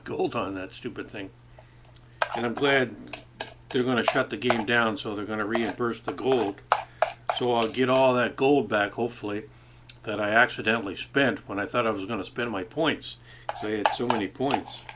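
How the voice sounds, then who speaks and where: A man's voice: fairly low pitch, fairly bright tone. A man chatting casually into his webcam at a cafe, rambling along with many fillers and restarts. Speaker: vlogger.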